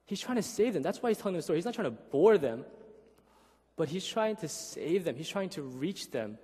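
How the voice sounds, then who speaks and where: A man in his thirties preaching a conversational sermon, animated and often checking in with "right?". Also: a little high, brisk, slightly rough, big-room sound. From Korean heritage. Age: 30s. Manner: animated, keeps asking "right?", acts out voices. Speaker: pastor.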